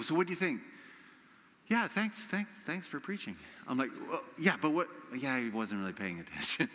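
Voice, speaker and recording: A man preaching a conversational sermon as pastor, lively and acting out quoted voices. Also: mid-range voice. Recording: long reverb of a hall.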